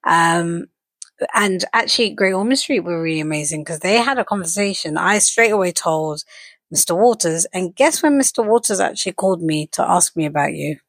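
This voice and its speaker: A woman with a husky, slightly breathy voice chats on a podcast, recounting events with lively, animated storytelling. The sound is dry and close, with no room around it. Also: fairly low pitch, fairly quick, dry recording. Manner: animated storyteller, acts out quoted dialogue. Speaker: podcast co-host and mother. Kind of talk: casual chat.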